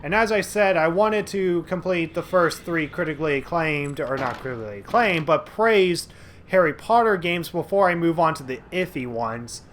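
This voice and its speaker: Halting, rambling man commenting on a game. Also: a little high, lively intonation, fairly bright tone, a little hiss or hum. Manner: rambling, halting, many fillers and restarts. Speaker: let's play host. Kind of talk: casual gameplay commentary.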